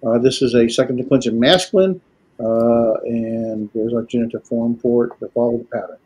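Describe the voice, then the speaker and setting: A man teaching a language class, lecturing in a halting way with many filler pauses. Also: mid-range voice, fairly even intonation, mellow, breathy edge, dull audio. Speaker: Greek teacher.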